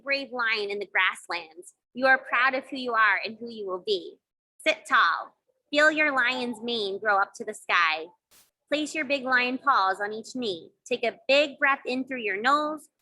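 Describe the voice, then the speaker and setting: A woman leading children through yoga poses and breathing games, giving gentle, encouraging instructions with playful sound effects. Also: fairly high pitch, poor audio. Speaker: kids yoga teacher. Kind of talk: guided kids yoga and mindfulness.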